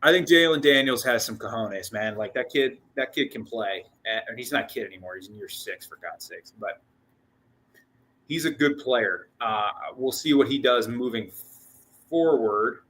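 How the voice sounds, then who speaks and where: A man with a bright, forward voice talks through a casual postgame show as its host. He rambles excitedly, restarting sentences and doubling up on words, and he sounds a bit out of breath. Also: mid-range voice, normal speed, slightly rough, low-quality recording. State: short of breath. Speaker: sports podcast host.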